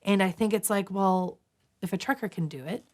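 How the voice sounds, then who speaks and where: A woman's voice: mid-range voice, moderate pace. A woman from Canada, in her thirties, telling a long personal story in a casual interview, full of fillers, restarts and quoted asides. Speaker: guest, nurse.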